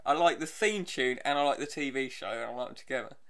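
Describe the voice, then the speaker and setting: A man's voice: mid-range voice, fast, a bit bright. A man co-hosting a comedy podcast, bantering in casual chat and giggling with mock exasperation. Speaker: podcast co-host and editor.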